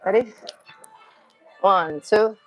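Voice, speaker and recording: A woman's voice: medium pitch, extremely slow, highs cut off, faint music behind. Breathless young woman live-streaming from a gym. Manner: casual, chatty, counts reps and cues form between sets. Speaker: fitness streamer. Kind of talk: live gym stream chat and rep counting.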